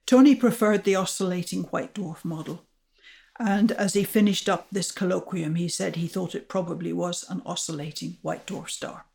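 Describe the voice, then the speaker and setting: An older woman, an astrophysicist guest, recounting her discovery in a measured, explanatory way. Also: lowish voice, creaky, darkish tone. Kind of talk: storytelling interview answers.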